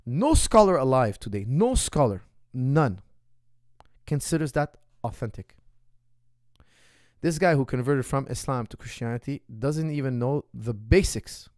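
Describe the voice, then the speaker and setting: A man, a coach, giving his opinions in a casual monologue, talking emphatically, repeating phrases for stress and swinging between loud and soft. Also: mid-range voice, no echo, studio quality. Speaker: martial arts coach hosting a Q&A.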